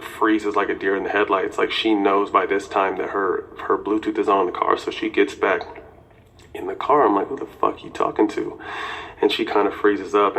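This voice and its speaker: A man's voice: lowish voice, fairly bright tone, low-quality recording. A man in his forties telling a personal story casually and candidly, with swearing and lots of "you know".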